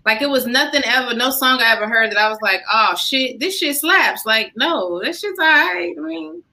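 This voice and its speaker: A woman co-hosting a casual chat, talking in a blunt, profane and animated way. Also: high-pitched, normal speed, rough recording.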